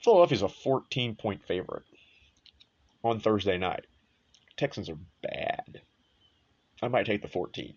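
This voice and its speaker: Sports show host guy, low-ish voice, swears a lot, blunt offhand chat, kinda dull lo-fi audio. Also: animated, measured pace, long pauses, darkish tone. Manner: blunt and profane, with offhand asides. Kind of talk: casual sports and betting talk.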